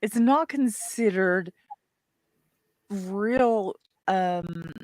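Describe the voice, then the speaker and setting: Slow-talking Southern woman. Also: mid-range voice, darkish tone, no echo, poor audio. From Southern USA. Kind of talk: casual chat.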